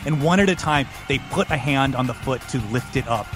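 A man's voice: medium pitch, a little fast. A man narrating as game master, spinning vivid descriptions with frequent restarts. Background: music.

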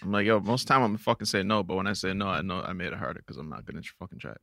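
Young male co-host, gravelly and rapid-fire, profane storyteller. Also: deep voice, animated, fairly bright tone, no echo, studio quality. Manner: fast, profane, self-mocking anecdotes. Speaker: podcast co-host. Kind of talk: casual chat.

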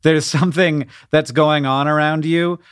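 A man in his thirties co-hosting a podcast, laughing easily and teasing with lively banter. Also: a little high, measured pace, clean tone, no room sound, clean studio sound. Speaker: podcast co-host. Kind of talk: casual chat.

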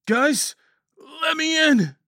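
A man voicing Daniel, an eerie young man pleading in a flat, toneless way from outside a door in a horror audio story. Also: very high voice, takes it slowly, dry recording, clean studio sound, pitched above the performer's own voice, exaggerated voice.

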